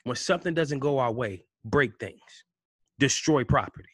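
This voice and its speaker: A man's voice: expressive, normal speed, dry recording. Heated man ranting into a dry mic. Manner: heated, rhetorical questions, swings between loud outbursts and low mutters. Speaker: vlogger. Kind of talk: impassioned commentary rant.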